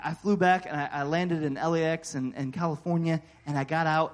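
An American man preaching a sermon, telling a personal story in a folksy, animated way with frequent fillers and amens. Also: on the high side. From United States. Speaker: pastor.

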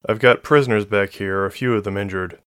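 A man voicing Marie, a brisk woman mech pilot. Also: lowish voice, steady tone, fairly bright tone, clear, resonant tone, no room sound, lightly acted. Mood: reporting. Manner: brisk, commanding. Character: tough young woman mech pilot with cybernetic legs.

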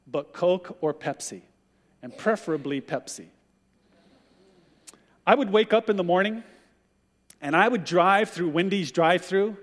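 High-voiced male pastor in a reverberant hall. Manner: animated storyteller who acts out quoted voices. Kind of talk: sermon.

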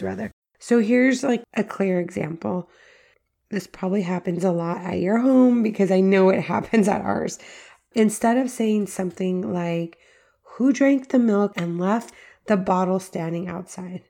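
A woman's voice: on the low side, gravelly, warm tone. A middle-aged woman hosting a podcast, giving instructional parenting talk in a conversational way with frequent "like" fillers. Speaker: podcast host.

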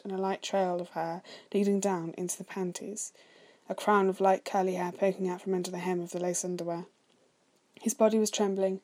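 Woman softly reading a story aloud. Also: mid-range voice. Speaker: story reader. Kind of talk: reading fan fiction aloud.

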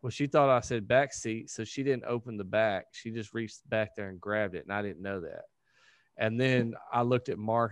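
A man tells a story to friends in a smooth, clear voice, close and dry on the mic. He teases and tells it plainly. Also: fairly low pitch, moderate pace, dry recording. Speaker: paramotor pilot. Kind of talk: casual group chat.

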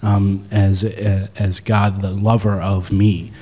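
Mellow low-voiced man in a reverberant room. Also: takes it slowly. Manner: relaxed, hesitant with frequent fillers. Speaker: podcast co-host. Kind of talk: casual podcast chat.

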